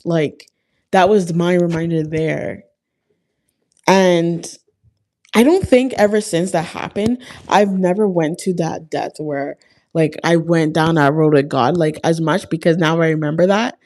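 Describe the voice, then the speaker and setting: A young woman speaks to her viewers in a loose, heartfelt way, leaning on "like" as she talks. Her voice sits a little low for a woman. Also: a little slow, a little mellow. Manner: chatty and heartfelt, frequent "like" fillers. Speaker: vlogger. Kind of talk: casual faith talk to camera.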